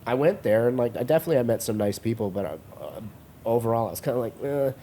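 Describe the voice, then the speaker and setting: A man's voice: medium pitch, animated, fast, mellow. A man co-hosting a podcast, talking in a laid-back casual way with lots of filler words. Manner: laid-back, says like and dude a lot. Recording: faint background noise.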